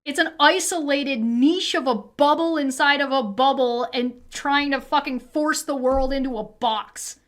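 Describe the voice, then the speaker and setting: Woman streamer, high voice, heated and foul-mouthed reaction talk. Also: unhurried, hardly any pauses. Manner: swears constantly, heated and ranting. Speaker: streamer reacting to a debate video. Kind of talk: angry reaction rant.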